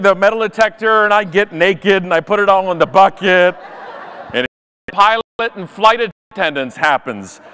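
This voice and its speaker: A man giving a comedic storytelling talk on a live event stage, animated and self-mocking with punchy timing. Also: high voice, smooth, big-room sound. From Canada. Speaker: conference speaker.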